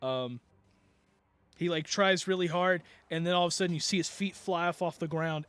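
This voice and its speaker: A man's voice: fairly high pitch, moderate pace, a bit bright, clean tone, no echo. A man narrating a tabletop game as game master, rambling through the scene with many fillers and restarts.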